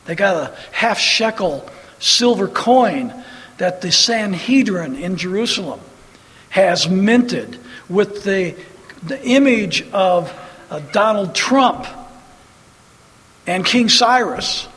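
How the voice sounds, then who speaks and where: A man's voice: sits high, animated, slow pace, fairly bright tone, long reverb tail, rough recording. A man preaching a sermon, quoting scripture and building to emphatic, repeated bursts.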